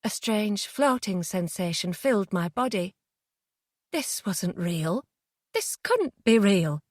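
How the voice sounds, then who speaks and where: A woman narrating a thriller audiobook in the first person, hushed and tense. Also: mid-range voice, sing-song, slow pace, no echo, studio quality.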